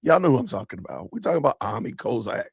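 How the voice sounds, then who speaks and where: A male podcast host in casual commentary, upbeat and chatty, giving shout-outs to his audience. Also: lowish voice, very animated, very fast, creaky, breathy edge, no room sound, studio quality.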